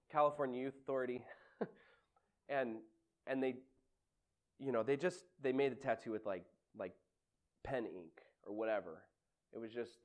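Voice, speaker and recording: A male pastor giving a sermon in an animated, conversational way, laughing often. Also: medium pitch.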